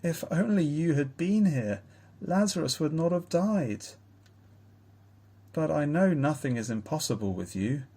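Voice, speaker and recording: Man doing a grieving woman, storybook figure, husky, breathy, higher voice, earnest. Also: lively intonation, a little slow, warm tone, exaggerated voice. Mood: pleading. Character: grieving woman pleading with faith.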